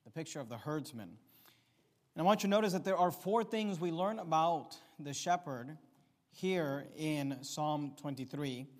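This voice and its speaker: A man's voice: on the high side, animated, normal speed. A man preaching a sermon, emphatic, repeating key phrases and rising in volume to stress points. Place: church sanctuary. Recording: long reverb of a hall.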